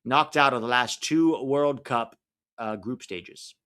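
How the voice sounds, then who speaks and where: A man's voice: medium pitch, slow, bright, forceful tone, clean tone. Opinionated man ranting over a live match. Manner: opinionated, ranting, reacting to play. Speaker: livestream watch-along host. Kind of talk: casual live match commentary.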